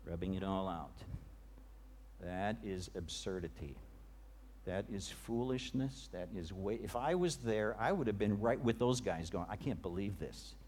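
A male preacher giving a sermon, retelling a scene with dramatic, vivid storytelling that often drops to a hush. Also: on the low side, lively intonation, unhurried, a little hiss or hum.

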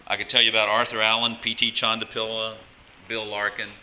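A man's voice: fairly low pitch, monotone, a little fast, sharp tone, a little hiss or hum, low-quality recording. A pastor preaching a conversational sermon, often asking the congregation questions and restarting his phrases.

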